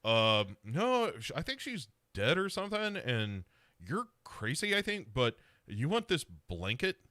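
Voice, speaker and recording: A blunt small-town cop, as a man plays him while recapping a show. He tosses off his lines quickly and carelessly, with a bright, lively voice. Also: mid-range voice, no room sound, clean studio sound, voice pushed up, exaggerated voice. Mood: offhand. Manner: blunt, offhand. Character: offhand small-town male police officer.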